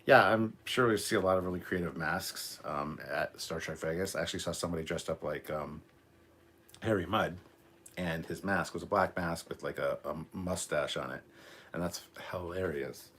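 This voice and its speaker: A Canadian man in his forties hosts a loose live reaction stream in a deep, low voice. He rambles with plenty of ums, reads viewer chat aloud and keeps apologizing for a nagging cough. A faint hiss sits under the recording. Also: normal speed, a bit bright. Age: 40s. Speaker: livestream host.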